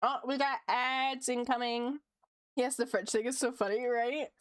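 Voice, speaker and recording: Casting: young woman streamer, high voice, chatty and giggly, dry close mic. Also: steady tone, measured pace, no room sound. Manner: giggly, chatty, reads chat aloud. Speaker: art streamer. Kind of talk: casual stream chat.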